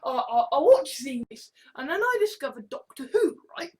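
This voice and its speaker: A man's voice: very high-pitched, big pitch swings, normal speed. A young man talking in a casual monologue, rambling with heavy swearing and sudden exasperated outbursts. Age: young adult. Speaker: video essayist.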